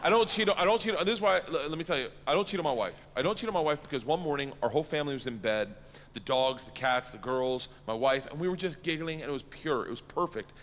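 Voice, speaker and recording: A middle-aged man telling a story in stand-up, loud and animated, laughing at his own asides. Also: a little high, quick pace, long reverb tail. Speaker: stand-up comedian. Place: stage.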